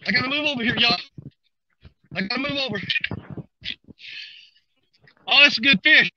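A man, streaming live from a river bank and talking excitedly to his viewers while he fishes. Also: extremely high pitch, normal speed, muffled recording. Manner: excited, drawling, talks to viewers while reeling. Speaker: fishing livestreamer.

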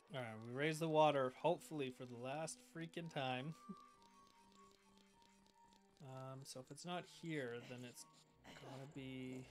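A man's voice: medium pitch, fairly even intonation, a little slow, pauses often. A man streaming a video game live, chatting and joking as he plays and talking back to what happens on screen. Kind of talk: live gameplay commentary. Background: game music.

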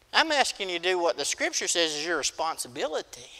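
A middle-aged pastor delivers a folksy, emphatic sermon full of stories. His voice sits high and bright. The sound carries a long church-hall reverb. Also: very animated, fast talker, hardly any pauses. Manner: folksy, storytelling, emphatic preaching. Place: church sanctuary.

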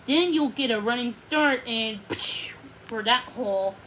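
A woman's voice: a little high, fairly bright tone, a little hiss or hum, rough recording. A woman doing a bossy puffin bird barking orders. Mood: commanding. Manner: brisk, bellowing orders. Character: bossy male puffin bird, commanding coach.

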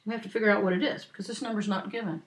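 A woman's voice: medium pitch, fairly even intonation. A woman teaching an accounting lesson over a screen recording, walking students through a worked exercise patiently and checking in often. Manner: patient, talks slowly for note-takers; checks in with frequent "right?" and "okay?". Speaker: accounting instructor. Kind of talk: screen-recorded lecture walkthrough.

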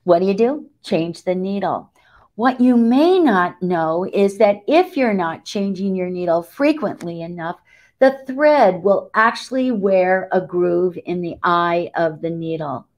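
A middle-aged woman giving a lively sewing tutorial, who asks questions and answers them herself. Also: fairly low pitch, a little slow. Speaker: sewing needle expert. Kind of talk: lively live tutorial talk.

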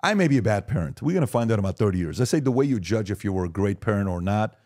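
A man in his forties, a podcast guest, talking emphatically and telling lively stories in casual conversation. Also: lowish voice, racing.

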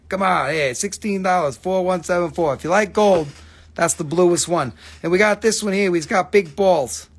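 A man with a slightly high voice hosts a live crystal sale. He rambles along in a loose, joking way, swears freely and keeps calling out to viewers by name. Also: normal speed. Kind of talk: casual live sales pitch.

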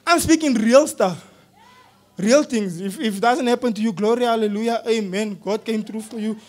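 A preacher whose voice sits very high for a man. He tells his sermon story in loose, slangy talk. He swings from hushed lines to shouted ones. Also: moderate pace. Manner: casual slangy address.

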